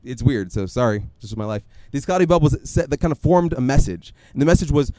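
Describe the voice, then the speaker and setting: A man preaching a sermon in a conversational, animated storytelling way, often acting out his own asides. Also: medium pitch, fast talker, hardly any pauses, no echo. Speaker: pastor.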